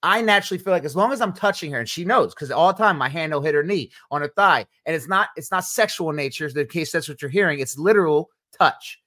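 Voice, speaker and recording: A man's voice: on the high side, lively intonation, fast talker, hardly any pauses, sharp tone. A man co-hosting a podcast with his wife, talking earnestly and instructively in a casual chat about marriage and faith. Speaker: podcast co-host.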